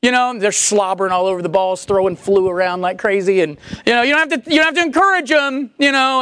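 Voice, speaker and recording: A woman preaching a sermon in a conversational, animated way, acting out the voices she quotes. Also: mid-range voice, quick pace, few pauses, smooth, no echo, studio quality.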